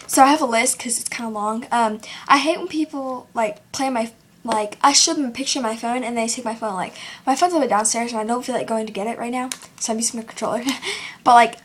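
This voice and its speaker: A woman's voice: fairly high pitch, quick pace, slight background noise. A teenage girl vlogging at home to her own camera, rambling casually with lots of fillers and acting out what other people say. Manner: rambling, filler-heavy, acts out quoted people. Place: at home, seated in a chair. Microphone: self-recorded camera.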